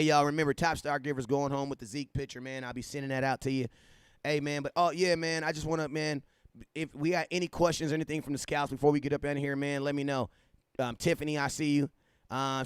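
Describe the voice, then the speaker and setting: A man hosting a casual sports livestream, talking animatedly, repeating himself and giving shout-outs to viewers. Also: fairly high pitch, steady tone, brisk, clean tone, no room sound, studio quality. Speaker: livestream host.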